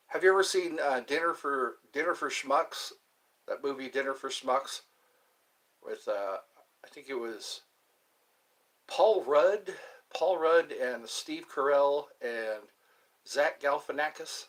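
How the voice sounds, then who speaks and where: Slow, husky man chatting on stream. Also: medium pitch, lively intonation, a bit bright, low-quality recording. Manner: rambling, giggly and playful. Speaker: live streamer. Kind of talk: casual chat reading viewer comments.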